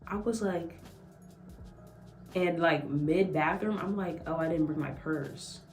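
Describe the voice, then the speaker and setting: A woman's voice: low voice, slow pace, darkish tone, soft background music. A young woman vlogger telling a casual story, acting out quotes and laughing often. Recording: echoey room, mic at a distance.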